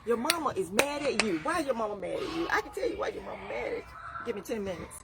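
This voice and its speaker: A woman's voice: on the high side, lively intonation, quick pace, creaky, heavy background noise. A woman life coach giving a faith-based motivational talk, preachy and repeating phrases for emphasis.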